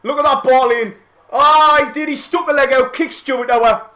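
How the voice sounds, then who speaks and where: Young lad with a high voice, streaming live football reactions and swinging between yells and quiet chat-reading. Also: male voice, normal speed. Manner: excitable, shouting and swearing at goals, then quietly reading chat.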